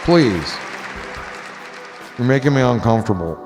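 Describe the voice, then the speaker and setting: With lively intonation and a medium pitch, a man hosting a livestream chats at a moderate pace in a meandering, foul-mouthed, joking manner, often trailing off. Music and crowd noise come through clearly behind.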